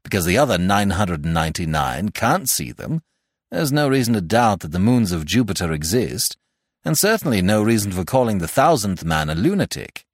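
A man doing a calm, wry old doctor. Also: on the low side, no echo, clean studio sound. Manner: soothing, unhurried, matter-of-fact.

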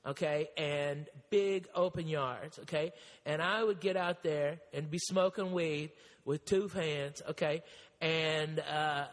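Brief: high-voiced male podcast host, crude rambling storyteller, long room reverb. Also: fairly even intonation, slow pace. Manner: profane, loud, rambling, keeps saying all right. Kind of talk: comic storytelling.

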